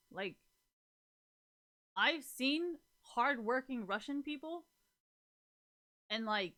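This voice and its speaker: A woman's voice: on the high side, expressive, very slow, long pauses, sharp tone. A young woman chatting to her viewers in a loose, rambling way, full of fillers, swearing and frequent laughter. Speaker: streamer talking to viewers. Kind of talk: casual rambling chat.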